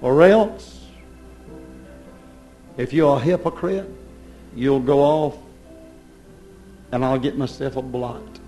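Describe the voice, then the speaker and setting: A man preaching a sermon, swinging from loud declaiming to low, intense pleading. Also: slow, long pauses, soft background music.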